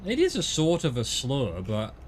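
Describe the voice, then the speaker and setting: With a medium-pitched voice that swoops wildly, this middle-aged man with an Australian accent talks at a normal speed against a little hiss or hum. His gaming stream is loose, rambling chat full of self-corrections.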